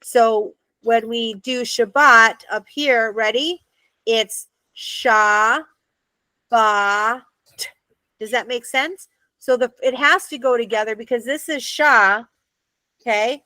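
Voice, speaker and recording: A woman's voice: on the high side, a little slow, pushed and bright, dry recording. An American woman teaching a Hebrew reading class, patiently checking that her students follow. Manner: patient, checks understanding often.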